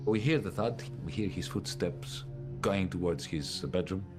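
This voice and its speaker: Deep-voiced man telling his story. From Greece. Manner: measured storytelling with pauses and fillers. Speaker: documentary narrator. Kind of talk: first-person documentary narration. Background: music.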